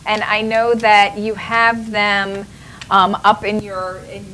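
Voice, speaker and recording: A woman's voice: medium pitch, completely flat delivery, slow pace, sharp tone, low-quality recording. Chatty talk show host lady, gushing and encouraging, some noise behind her. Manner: effusive, encouraging. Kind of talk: casual interview.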